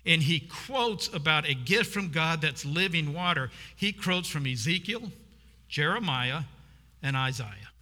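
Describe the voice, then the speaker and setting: Bright-voiced preacher in a reverberant hall. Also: male voice, fairly high pitch, animated, measured pace. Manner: storytelling, acts out the woman's voice. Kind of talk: sermon.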